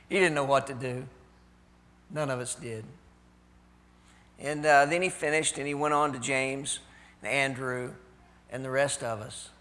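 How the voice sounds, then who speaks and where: An actor playing a doubtful, reflective apostle in a live church skit, telling the story with hesitant pauses. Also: male voice, a little high, fairly bright tone. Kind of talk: live stage skit monologue. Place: church stage. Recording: reverberant church hall.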